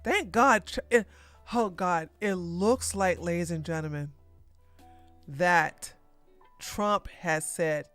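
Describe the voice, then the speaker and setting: A woman hosting a live-streamed political podcast, talking in an excitable, theatrical way and laughing often. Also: on the low side, slow, pauses often, dry recording, faint music behind. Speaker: podcast host.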